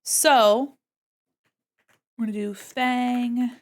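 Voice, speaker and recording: A young adult woman chatting casually on her art livestream, excitable and gushing, giggling often. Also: a little high, extremely slow. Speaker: art streamer.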